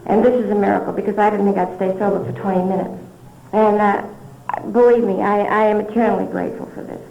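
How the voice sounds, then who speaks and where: A woman's voice: medium pitch, fairly even intonation, fast, gravelly, dark tone, slight background noise. Older woman telling her story, roomy old tape. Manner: chuckling, candid storytelling with asides. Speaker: AA speaker. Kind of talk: recovery meeting talk. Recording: dull roomy 1970s hall recording.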